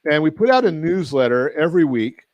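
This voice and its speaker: A man's voice: on the high side, very animated, fairly quick, darkish tone, no echo, lo-fi sound. A man hosting a radio talk show, rambling and correcting himself as he jokes with his guest. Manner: rambling, self-correcting, joking. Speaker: radio host. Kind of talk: casual radio chat.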